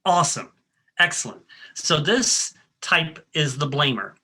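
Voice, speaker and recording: Bright-voiced man coaching a breathing exercise. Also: fairly high pitch, big pitch swings, unhurried, breathy edge. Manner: coaching, leads the audience step by step; friendly, with frequent ums and restarts. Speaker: workshop presenter. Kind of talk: guided breathing exercise and talk.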